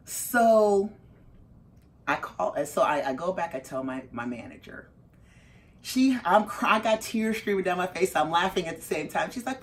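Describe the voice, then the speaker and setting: A middle-aged woman, the mother of a parolee, telling her story in an interview and acting out her own reactions with big leaps in her voice. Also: normal speed. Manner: animated, acts out her own reactions with big jumps in pitch.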